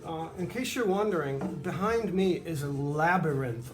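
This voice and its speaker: Man, violin maker, rambling workshop tutorial, fairly high voice, echoey room, music playing clearly behind. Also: expressive, normal speed. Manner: rambling, chatty, many fillers and asides. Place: humid workshop near the beach.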